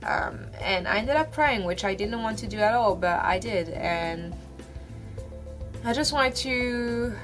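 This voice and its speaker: A young woman talking to camera from her room in a casual, emotional vlog, halting with restarts and fillers. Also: mid-range voice, lively intonation, soft background music. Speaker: vlogger.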